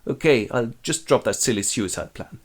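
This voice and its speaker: A man narrates a comic retelling of a classic play, with wry, deadpan asides. His pitch sits in the middle but moves in lively swings. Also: normal speed. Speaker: host and narrator.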